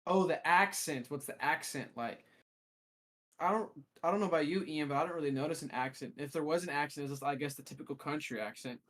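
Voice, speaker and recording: Rambling, higher-voiced male podcast co-host. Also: fairly quick, a bit bright. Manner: rambling storyteller, restarts often. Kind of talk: casual chat.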